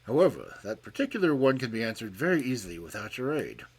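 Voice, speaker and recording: A man voicing an irritable, malicious elderly professor who speaks loud and sharp, with a husky voice. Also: medium pitch, very animated, fast talker. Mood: angry.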